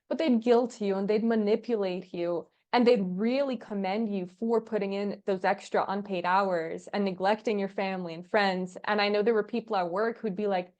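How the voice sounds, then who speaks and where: Animated woman telling workplace stories. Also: mid-range voice, a little fast. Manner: animated storyteller, acts out quoted dialogue, laughs often. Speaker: podcast guest, agency founder. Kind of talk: casual interview chat.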